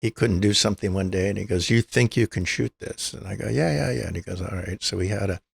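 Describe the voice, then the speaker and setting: This fast-talking older man has a low, creaky, husky voice, captured in a dry recording. As a guest in a storytelling interview, he tells lengthy anecdotes and performs the dialogue of each character he quotes.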